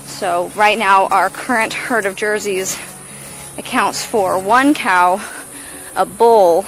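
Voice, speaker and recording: A woman's voice: slow pace, fairly bright tone, faint music behind, rough recording. A young woman giving a casual tour of her farm outdoors, slightly out of breath from walking. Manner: coos in a high baby voice to the animals.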